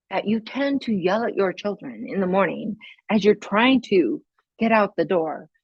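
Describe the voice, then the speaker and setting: A woman's voice: mid-range voice, dry recording. A middle-aged woman hosting a podcast, giving casual parenting advice in a chatty way, laughing often and acting out little scenes. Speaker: podcast host. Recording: dry, dull lo-fi sound.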